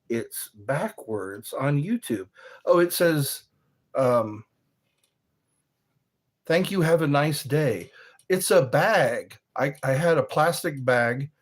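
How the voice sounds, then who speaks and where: A man hosts a casual livestream, reading out viewer comments and riffing on them. He talks very slowly, stretching his words, and his pitch swings widely. His tone stays playful and chatty. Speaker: livestream host.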